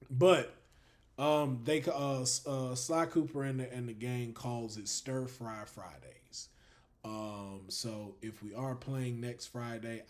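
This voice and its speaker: A man hosting a casual livestream, chatting to viewers in a lively way, laughing, swearing freely and trailing off into drawn-out fillers. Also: fairly low pitch. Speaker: livestream host.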